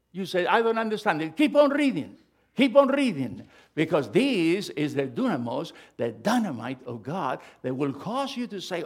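A middle-aged male pastor preaching a sermon, swinging from loud, emphatic bursts to hushed asides. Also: fairly high pitch.

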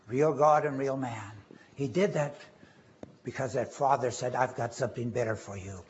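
Guy preaching a sermon, gets loud and high on the big lines, kinda muffled old recording. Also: normal speed, a little hiss or hum. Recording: dull lo-fi recording.

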